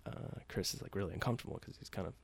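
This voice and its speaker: A man's voice: rapid-fire, dry recording. A man telling a story casually, with loose profane talk and many fillers, acting out the quoted lines lightly.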